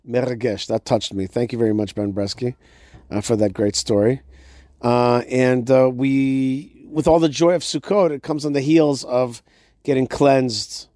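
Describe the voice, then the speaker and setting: A man hosting his own show, talking in a relaxed, halting way with many pauses. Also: medium pitch, dry recording, clean studio sound. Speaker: radio show host. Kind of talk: casual chat. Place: home sukkah.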